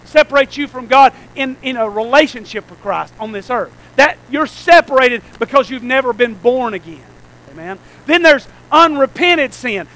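A man's voice: very high voice, sharp tone, poor audio. A man preaching a sermon as pastor, calling out rhetorical questions to the congregation.

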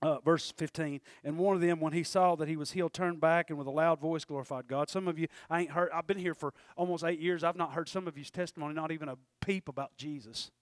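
A man preaching a sermon in church, talking in quick asides and rising to sudden shouted peaks. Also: a little high, steady tone, no room sound. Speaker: pastor.

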